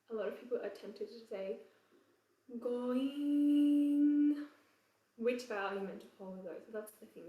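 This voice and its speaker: A woman with an English accent teaching choir vowel sounds in a relaxed, chatty way, breaking into sung examples. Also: medium pitch, distant mic. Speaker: choir vocal coach. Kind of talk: casual singing lesson with sung examples. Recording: roomy echo, voice away from the mic.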